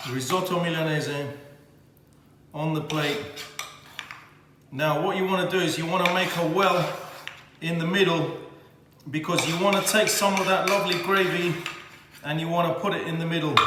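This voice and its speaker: A man's voice: a little high, noisy background. A man hosting a home cooking demonstration, theatrical and exuberant, talking straight to his viewers. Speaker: cooking show host. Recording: very echoey kitchen with long reverb.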